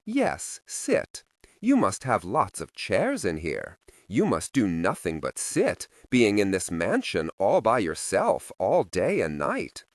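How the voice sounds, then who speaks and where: A man's voice: fairly low pitch, wildly swooping pitch, slow, no echo, studio quality, full character voice. A man voicing a blunt, curious young woman who speaks matter-of-factly while she bargains. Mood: pushy. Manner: blunt, matter-of-fact, pushy.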